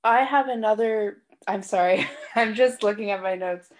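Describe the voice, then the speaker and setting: A woman's voice: medium pitch, moderate pace. A woman guest on a podcast, chatting casually and explaining things in a knowledgeable way. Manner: knowledgeable, explains at length with little laughs. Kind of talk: casual chat.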